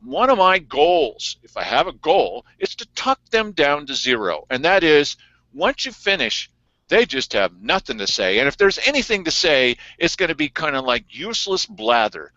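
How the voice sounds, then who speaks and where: A man hosting a casual local news chat show, talking in an animated, sarcastic way. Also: fairly high pitch, normal speed, dry recording. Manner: animated and sarcastic, mocking in quoted voices. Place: small editing studio. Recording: dry, dull lo-fi studio sound.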